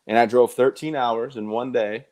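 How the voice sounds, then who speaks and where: A man who is a guest in a live interview, telling his stories in an animated, conversational way with quoted dialogue. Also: mid-range voice, normal speed. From United States.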